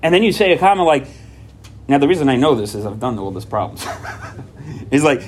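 A man who is a parent gives a personal talk at a recovery workshop. He tells stories with lively energy, acts out quoted dialogue, and often repeats himself and restarts sentences. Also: medium pitch, a little fast, pauses often, slight background noise. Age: adult parent. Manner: animated storytelling, acting out quoted dialogue; frequent repetitions and restarts.

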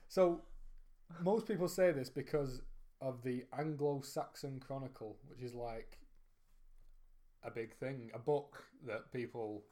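A man's voice: mid-range voice, unhurried, mellow. A man co-hosting a casual chat, talking hesitantly with many fillers and restarts while he explains history. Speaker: podcast co-host presenting history.

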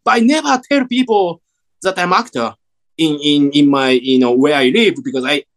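A man's voice: a little high, normal speed. A man in his forties from Japan with a Japanese accent, an actor chatting as an interview guest and acting out the voices in his stories. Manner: animated storyteller, acts out quoted voices, many fillers. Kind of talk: casual interview chat.

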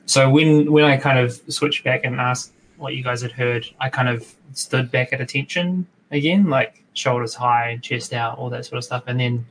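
A man's voice: mid-range voice, moderate pace, hardly any pauses, fairly bright tone, a little hiss or hum, low-quality recording. A man playing a tabletop game, talking in a laid-back, hesitant way. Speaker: player.

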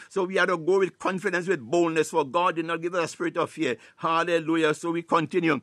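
A man leading prayer with a fairly high, bright, forceful voice, peppering every phrase with hallelujahs and bursts of speaking in tongues. He recites scripture slowly and builds to loud exhortation. The sound is close and completely dry. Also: fairly even intonation, no room sound. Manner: fervent preaching with frequent hallelujahs and speaking in tongues. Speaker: prayer leader. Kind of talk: live prayer broadcast.

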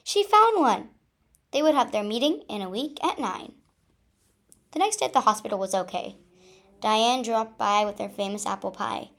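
A woman reading a first-person story aloud with an expressive delivery. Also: a little high, moderate pace. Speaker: story reader.

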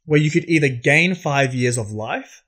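A man's voice: on the high side, animated, normal speed, a bit bright. A young Australian man co-hosting a podcast, with crude, joking casual banter and frequent laughter. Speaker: podcast co-host.

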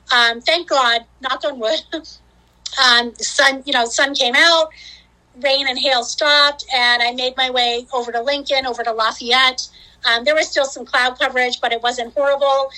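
A woman with a high, bright voice tells a long story as a podcast guest. She talks casually, with plenty of fillers and lively quotes of herself. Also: normal speed, rough recording. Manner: chatty, many fillers, acts out her own quotes.

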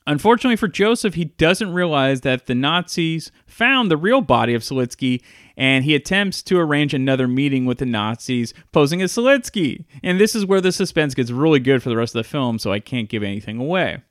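A man's voice: fairly high pitch, expressive, brisk, a bit bright, no echo, studio quality. Chatty man reviewing old films. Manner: enthusiastic, chatty retelling. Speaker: movie reviewer. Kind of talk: casual video review.

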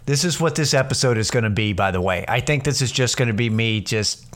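A man's voice: medium pitch, animated, fairly quick, fairly bright tone. A middle-aged man and comedian hosting a casual solo podcast, telling rambling, profane stories full of restarts. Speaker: podcast host; stand-up comedian.

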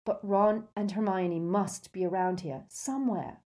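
An earnest, determined teenage boy wizard in a storybook reading, as a woman reads him. He talks quickly and plainly, a little higher than the narration. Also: fairly even intonation, dark tone, lightly acted.

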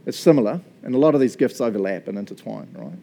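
A man's voice: fairly low pitch, animated, quick pace, gravelly, mellow. A middle-aged man with a New Zealand accent, preaching a sermon and telling a self-mocking personal story. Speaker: pastor.

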